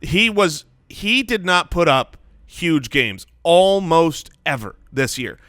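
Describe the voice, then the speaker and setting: A man co-hosting a fantasy football podcast, animated and playful, joking between stats. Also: fairly high pitch, takes it slowly, no room sound, clean studio sound. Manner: animated, playful, jokes and sings snippets. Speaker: podcast co-host.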